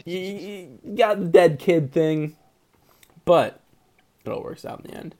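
A young man co-hosting a casual movie podcast, excited and rambling, laughing often. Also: on the high side, a little slow. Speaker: podcast co-host.

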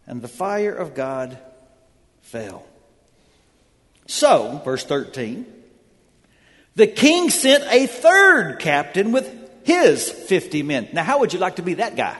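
A man's voice: high-pitched, sing-song, slow, pauses often, fairly bright tone, big-room sound. A man preaching a sermon, telling the story with dramatic energy in a church sanctuary. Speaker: pastor.

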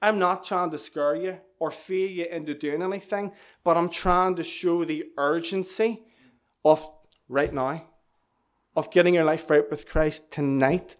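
A man's voice: on the high side, fairly even intonation, measured pace. A man preaching an evangelistic sermon, urgent and pleading, driving home key phrases again and again.

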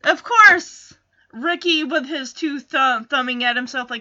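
A woman casually recaps a TV episode and keeps wandering into asides and self-corrections. Her voice sits a little high and sounds bright and forceful. The recording is dull and lo-fi. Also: unhurried. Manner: chatty, digressive, with frequent asides and self-corrections. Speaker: podcast host recapping a TV episode.

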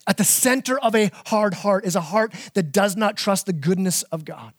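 Male pastor, middle-aged, high voice, dry close sound, animated sermon delivery with repeated words. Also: normal speed, no echo.

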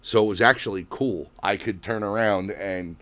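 A man's voice: on the low side, steady tone, normal speed, fairly bright tone. A man hosting his own show, ranting in a casual, rambling monologue full of swearing and filler words. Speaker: podcast host.

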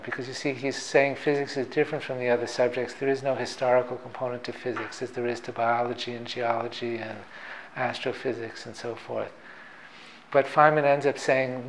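A man, a theoretical physicist, explaining ideas in a thoughtful, measured, professorial way. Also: mid-range voice, fairly even intonation, a little hiss or hum, poor audio. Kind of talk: reflective explanatory talk.

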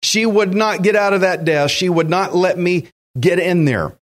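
A man's voice: high-pitched, normal speed. A man preaching a sermon, emphatic and direct, acting out quotes and speaking to listeners as friends. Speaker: pastor.

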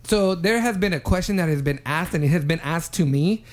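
A young man co-hosting a podcast speaks a little fast, his voice on the high side. Animated and profane, he tells a rambling story casually and acts out what people said.

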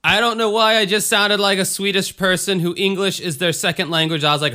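High, bright-voiced joking podcast host. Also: male voice, fairly even intonation, fairly quick, hardly any pauses. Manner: joking, rambling, self-mocking. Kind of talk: casual podcast chat.

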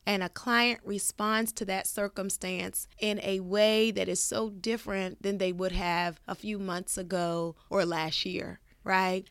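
A middle-aged woman therapist giving a gentle, encouraging self-help talk. She often checks in with listeners by asking "right?". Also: mid-range voice, no room sound, studio quality. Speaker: therapist and podcast host.

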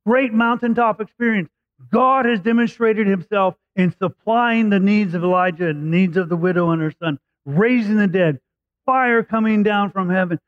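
A man preaching a sermon, retelling a scripture story in a lively, conversational way and voicing the characters' lines. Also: high voice, normal speed, no room sound. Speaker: pastor. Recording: tinny phone-like dry sound.

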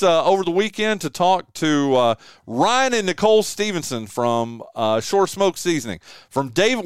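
Man, radio host, effusive, casual chat, smooth voice, dry studio sound. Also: sits high, a bit bright, no echo. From eastern North Carolina. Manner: effusive and enthusiastic.

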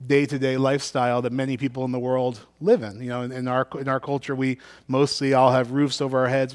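A middle-aged man preaching a sermon as pastor, reading scripture and then telling self-deprecating stories in a conversational way, with frequent restarts. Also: medium pitch.

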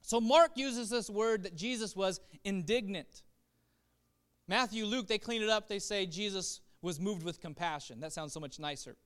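Impassioned high-voiced male preacher. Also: moderate pace, clean tone. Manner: impassioned preaching that swings from soft reflection to loud exhortation. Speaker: pastor. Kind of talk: sermon.

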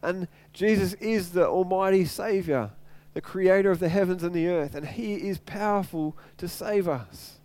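Male pastor, higher voice, clear and smooth delivery, earnest sermon with repeated phrases. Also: normal speed, hardly any pauses, a little mellow.

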